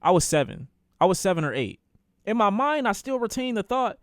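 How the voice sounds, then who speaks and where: A young man, a streamer, telling a personal story in a casual, animated way, swearing freely and repeating phrases for emphasis. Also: high voice, a little fast, no echo, studio quality.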